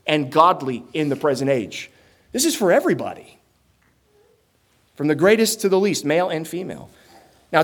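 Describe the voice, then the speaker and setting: A young male pastor preaching a sermon in an earnest, emphatic way. His voice sits a little higher than most men's, and he leans into rhetorical questions and pointed rising stresses.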